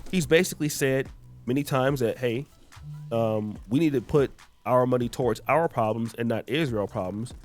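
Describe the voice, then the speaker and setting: A man's voice: medium pitch, normal speed, darkish tone. A man hosting reaction commentary, explaining clips in a conversational way. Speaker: commentary host. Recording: faint background music.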